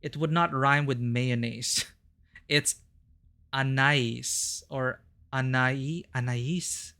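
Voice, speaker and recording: A man's voice: mid-range voice, extremely slow. A man streaming a game, chatting casually and musing aloud between lines. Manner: relaxed, muses aloud.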